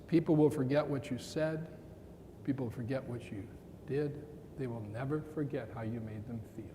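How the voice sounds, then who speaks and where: Man in his sixties, keynote speaker, mellow voice with dramatic pauses, long hall reverb and faint hiss. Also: fairly high pitch. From Montana. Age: 60s. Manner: animated, with dramatic pauses and quoted dialogue. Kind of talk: storytelling talk to an audience.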